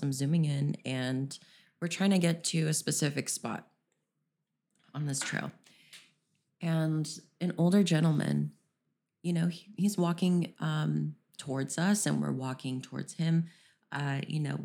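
Low, husky young woman telling a story. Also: mellow. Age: young adult. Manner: rambling storyteller, lots of "um" and "you know". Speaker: podcast co-host. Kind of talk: casual chat.

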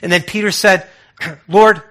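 A man's voice: fairly high pitch, animated, moderate pace, bright, forceful tone. A man preaching a sermon in a conversational way, asking many rhetorical questions and often restarting his words.

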